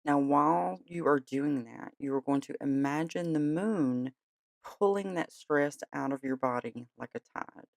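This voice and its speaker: A podcast host in a gentle, chatty way of talking, tired and yawning late at night. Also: medium pitch, a little slow, vocal fry, no room sound. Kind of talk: casual podcast talk.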